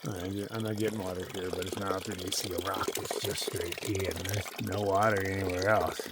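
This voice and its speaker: A man talking casually to his camera while hiking a forest trail, chatty and opinionated, thinking out loud to himself. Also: deep voice, little pitch movement, brisk. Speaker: solo thru-hiker filming his hike. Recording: faint outdoor noise behind the voice.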